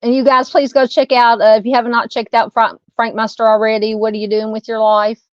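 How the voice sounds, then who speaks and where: A woman's voice: a little high, little pitch movement, brisk, dry recording, dull audio. A woman with a Southern US accent hosting a casual true crime live stream, rambling and chatty as she talks with viewers. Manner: rambling, chatty, lots of "you know" fillers.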